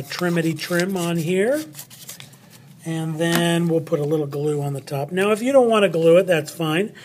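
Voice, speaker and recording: Slow, playful male spelling teacher. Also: sits high. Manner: upbeat, talks while cutting and gluing; chatty, playful asides. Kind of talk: spelling lesson walkthrough.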